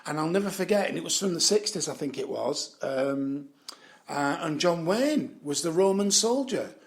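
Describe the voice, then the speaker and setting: Gravelly, swearing man. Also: a little high, animated, moderate pace. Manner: swears freely, chuckles, trails off with fillers. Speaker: vlogger. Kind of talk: rambling casual commentary.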